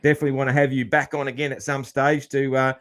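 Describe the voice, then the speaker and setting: A man's voice: medium pitch, flat delivery, quick pace, a bit bright. A man with an Australian accent hosting a casual podcast interview, laid-back and rambling. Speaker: podcast host.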